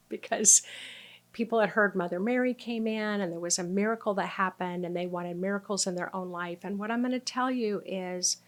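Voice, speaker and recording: A woman who works as a spiritual healer and was once a nurse, telling a story to camera. She talks with animation, acts out quoted lines and sometimes drops to a near whisper. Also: medium pitch.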